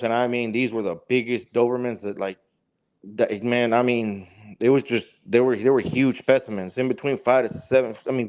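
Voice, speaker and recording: A man's voice: mid-range voice, darkish tone. Rambling man telling a wild story. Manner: rambling, halting, swears freely. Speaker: guest. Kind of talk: casual storytelling.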